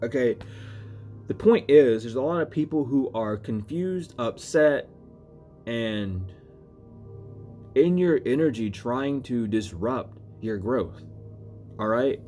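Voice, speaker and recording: A man giving a casual spiritual reading to camera, rambling and cursing, swinging between loud urging and low asides. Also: animated, takes it slowly, long pauses, faint music behind. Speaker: spiritual reader.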